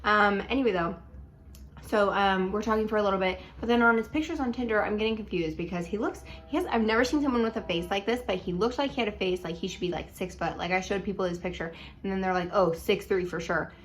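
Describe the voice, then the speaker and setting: A young woman casually telling a dating story at home in a chatty, animated way, full of likes and ums. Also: mid-range voice, quick pace. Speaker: vlogger.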